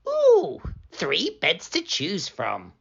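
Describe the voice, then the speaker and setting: A naughty little girl with a high, cooing voice, as a man reading a storybook puts her on. She exclaims over everything, and the sound is dull and lo-fi. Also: huge pitch swings, very slow, gravelly, fairly bright tone, husky, full character voice. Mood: fussy.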